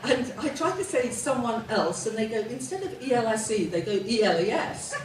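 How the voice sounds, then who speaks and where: A woman with a posh-sounding voice delivers a self-mocking stand-up set at a live venue. Her pitch sits on the high side and swings around a lot as she drives toward each punchline. The sound is roomy and picked up from a distance. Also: big pitch swings, a little fast. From England. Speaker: stand-up comedian. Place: live comedy venue with audience.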